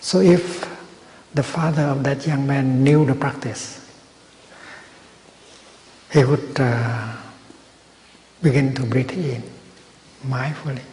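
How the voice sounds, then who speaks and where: Gentle male Buddhist teacher in a hall. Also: mid-range voice, fairly even intonation. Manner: slow, gentle, measured phrasing with long pauses. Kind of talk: dharma talk at a retreat. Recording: roomy hall with long reverb and faint noise.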